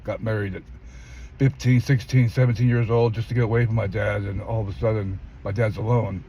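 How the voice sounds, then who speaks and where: Speaking briskly in a steady tone, an older interviewee from California tells his life story with emphasis in a street interview. He acts out the voices he quotes, frequently jumping high, and the lo-fi recording is dull with faint traffic.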